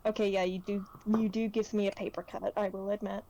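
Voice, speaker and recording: A woman playing a tabletop game who is excitable, laughs, and describes her character's moves. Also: mid-range voice, fairly quick, a little hiss or hum, low-quality recording. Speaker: player. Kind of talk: casual tabletop play.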